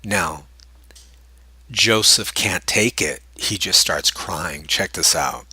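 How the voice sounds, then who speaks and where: Forceful man leading a Bible study. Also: sits low, slow pace, husky. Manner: animated asides, chuckles while explaining. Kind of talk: reading scripture with casual commentary.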